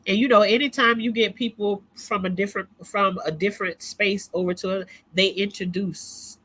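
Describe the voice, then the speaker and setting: A woman's voice: mid-range voice, steady tone, moderate pace, fairly bright tone, husky. A middle-aged woman hosting a casual livestream, rambling loosely and laughing easily as she talks straight to her viewers. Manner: frequent easy laughter. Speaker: livestream host.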